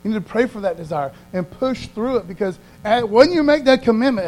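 A man preaching a conversational sermon, reading verses slowly aloud and often checking in with his listeners. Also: high-pitched, animated, a little mellow, low-quality recording. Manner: folksy, keeps checking in with the audience; slows down to read verses aloud.

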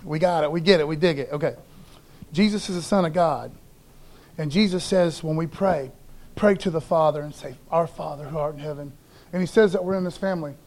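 A man with a notably high voice delivers a sermon from the pulpit. His preaching is casual and enthusiastic, full of slangy asides and quick rhetorical questions. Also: darkish tone. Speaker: pastor.

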